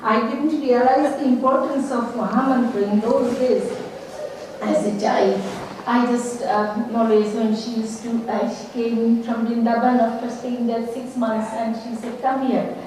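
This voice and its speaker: A woman sharing a hesitant, soft-spoken personal testimony as a participant at a retreat. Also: fairly high pitch, fairly even intonation, unhurried, background noise. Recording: echoey hall, mic far off.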